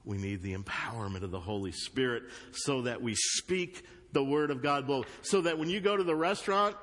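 Southern US male pastor, mid-pitched, preaching with emphatic swings, church hall reverb. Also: fairly quick. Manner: swings from loud emphatic bursts to low earnest asides. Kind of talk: sermon. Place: church sanctuary.

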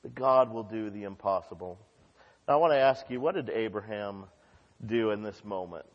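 A man preaching a sermon with fervor, dropping to hushed lines and rising to shouts. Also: lowish voice, normal speed, dull audio. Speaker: pastor. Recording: long reverb of a large hall.

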